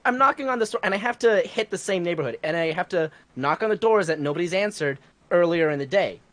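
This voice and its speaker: A woman telling a work story in a casual podcast chat, animated and profane. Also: fairly low pitch, fast.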